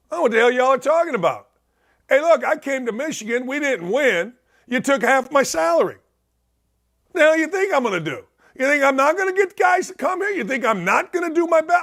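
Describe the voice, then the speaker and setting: A man's voice: high voice, fairly bright tone. A middle-aged man hosting a sports talk show, giving a blunt, fired-up monologue full of mocking asides.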